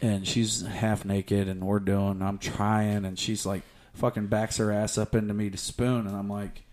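A man's voice: fairly low pitch, level tone, unhurried, a little mellow. A man telling a crude story on a casual podcast, swearing often and laughing as he goes. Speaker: podcast host.

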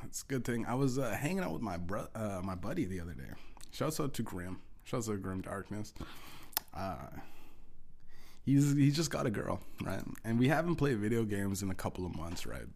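A man's voice: lowish voice, very animated, moderate pace, creaky, darkish tone. A man hosting a podcast, telling a story in a rambling, profane way, full of restarts. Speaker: podcast host. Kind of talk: casual storytelling.

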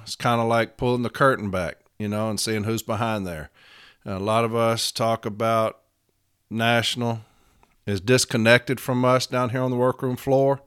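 A man's voice: mid-range voice, clear, resonant tone, no room sound, studio quality. A man hosting a talk show, speaking bluntly and plainly to his listeners in a casual way. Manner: blunt, plain-spoken, says it straight. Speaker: podcast host.

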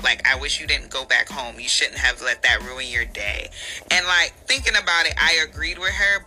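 A woman's voice: low voice, bright, forceful tone, poor audio. A woman telling a casual storytime in an exasperated, chatty way.

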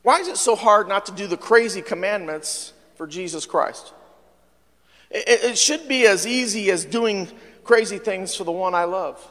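Hombre predicando con voz aguda y sala resonante. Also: male voice, high-pitched, normal speed, in a large hall. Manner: animated preaching, swings from hushed to loud. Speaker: pastor. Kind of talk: sermon. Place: church sanctuary.

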